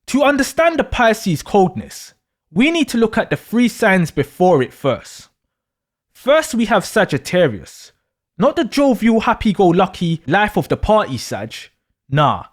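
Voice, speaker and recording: A man narrating an astrology explainer. He speaks slowly and deliberately, with a very animated, wide-ranging pitch. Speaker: astrology content creator.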